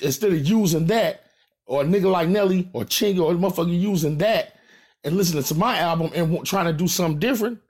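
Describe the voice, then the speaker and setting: Animated husky-voiced St. Louis man. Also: sits high. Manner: animated, profane, repeats points for emphasis. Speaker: rapper. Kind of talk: casual direct-to-camera rant.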